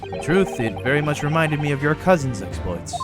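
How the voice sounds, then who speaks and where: A man's voice: fairly high pitch, sing-song, a little fast. A man voicing a stern, formal older male judge, reading game dialogue aloud over music. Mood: approving.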